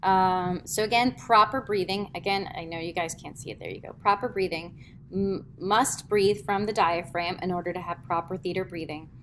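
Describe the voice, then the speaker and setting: A woman teaching a middle school theatre class in a classroom lecture, chatty, filling pauses with "um" and demonstrating as she explains. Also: on the low side, fairly even intonation, a little hiss or hum.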